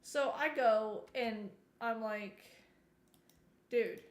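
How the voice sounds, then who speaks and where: A chatty woman streamer with a slightly high voice tells a long story as she plays, animated and breaking off now and then to comment on the game. Her voice sounds roomy, with a clear echo around it. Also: moderate pace. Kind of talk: casual storytelling while gaming.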